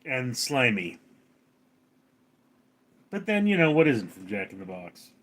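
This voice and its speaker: A man's voice: mid-range voice, very animated, a little slow, a bit bright. Chatty man answering a livestream chat. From Los Angeles, California. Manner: rambling, chatty, reads out and answers viewer comments. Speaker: livestream host reading chat. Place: outdoors at night.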